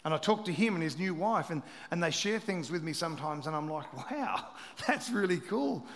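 A middle-aged man preaching a sermon as pastor, telling stories with animated delivery that swings between loud and hushed. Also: on the high side, fast talker. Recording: reverberant hall.

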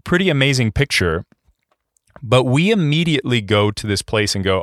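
A man's voice: mid-range voice, sing-song, normal speed, a bit bright, no room sound, studio quality. A man pastor giving a conversational sermon, reading scripture and explaining it with many fillers and restarts.

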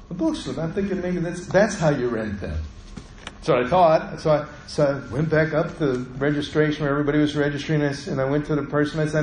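A man's voice: on the high side, fast talker, darkish tone, echoey room, slight background noise, poor audio. A middle-aged man preaching a sermon, telling a personal story in a conversational way and acting out the voices of the people in it.

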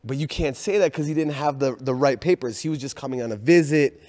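A man telling a family story in casual chat, animated, laughing often and acting out the people he quotes. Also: medium pitch, quick pace, big-room sound.

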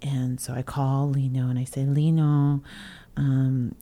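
A low-voiced young woman shares a personal story on a podcast, in a relaxed, chatty way. She is animated and breaks into laughter between phrases, acting out what others said. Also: moderate pace. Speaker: podcast co-host. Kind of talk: casual storytelling chat.

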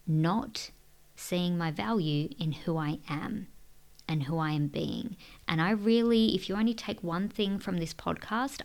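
A woman in her thirties speaks to her listeners in a heartfelt solo podcast. Her voice sits a little low, and she talks in an earnest, emotional way. She often sinks into a soft, breathy near-whisper. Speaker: podcast host and women's coach.

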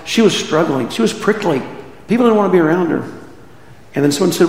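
A middle-aged man preaching in a church sanctuary, his slightly high voice carrying through a roomy hall with a long reverb tail. He talks to the congregation in a conversational way and keeps asking them questions. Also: animated, fast talker, long pauses, darkish tone. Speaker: pastor. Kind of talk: sermon.

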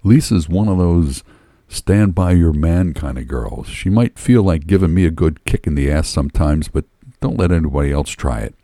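A man's voice: very deep voice, normal speed, mellow, dry recording. A man reading a story aloud in a wry, first-person storytelling manner. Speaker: narrator.

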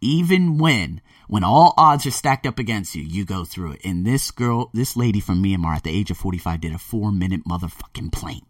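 A man hosting a motivational podcast, rambling energetically and swinging between loud excitement and quiet earnestness. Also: low-pitched, brisk, hardly any pauses, no room sound, clean studio sound, distant mic. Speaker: podcast host. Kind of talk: motivational monologue.

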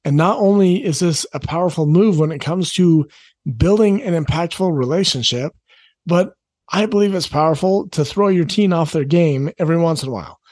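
A man's voice: on the high side, normal speed, darkish tone, no room sound. A middle-aged man coaching parents in an earnest, conversational talk, repeating his key phrases. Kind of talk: direct-to-camera advice talk.

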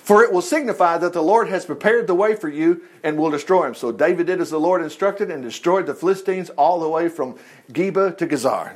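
A man's voice: fairly high pitch, brisk. A man teaching from the Bible in a chatty, folksy way, breaking off into asides and laughing at his own stories. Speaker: preacher.

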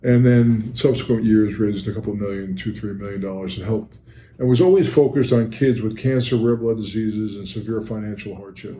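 An older man, a podcast guest, telling a story in an animated, emphatic way. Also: on the low side, normal speed. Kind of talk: storytelling interview. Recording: roomy with faint noise.

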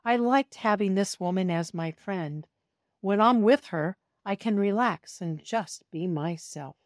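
Here a woman of medium pitch reads a kids' book aloud, narrating as the cat herself and turning to young listeners directly. The recording is dry and clean, studio-grade, and her pace is slow and expressive.

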